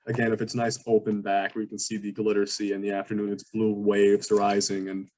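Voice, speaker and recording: A man running a tabletop role-playing game as game master. His voice sits a little low, and he describes the scene loosely, with plenty of fillers and restarts. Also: monotone, brisk, a little mellow.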